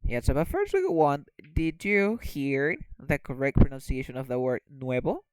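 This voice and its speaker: A man's voice: mid-range voice, sing-song, moderate pace, smooth, dry recording, soft background music, poor audio. A man whose first language is Spanish, teaching English vocabulary and often checking in with "okay?". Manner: repeats words, checks in with "okay?". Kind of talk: bilingual lesson explanation.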